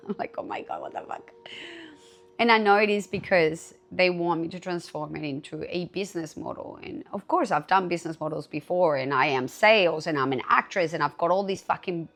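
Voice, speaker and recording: Woman podcast host, lowish voice with a gravelly edge, candid solo chat, swears freely. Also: brisk, fairly bright tone. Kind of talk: casual solo podcast talk.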